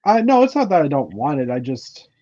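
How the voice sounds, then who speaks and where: A man's voice: on the high side, sing-song, a little fast, mellow, no echo, highs cut off. A man from Canada hosting a casual livestream chat, rambling with lots of fillers and restarts. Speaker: livestream host.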